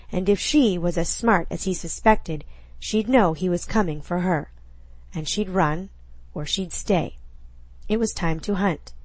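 A woman reading a novel aloud in scripted narration, with a steady, suspenseful delivery. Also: fairly low pitch, husky, dry recording. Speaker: audiobook narrator.

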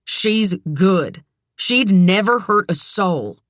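A reader plays a desperate, wounded woman pleading for a child in an audiobook. Her lines come slowly and turn raised and tearful, set against a dry, close recording. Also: mid-range voice, animated, a bit bright, no room sound. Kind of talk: audiobook character voice.

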